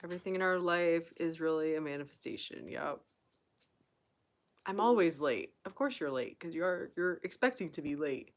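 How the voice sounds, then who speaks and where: A woman's voice: low-pitched, animated, normal speed. A young woman hosting a casual live Q&A stream, chatting and reading viewer comments aloud. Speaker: livestream host.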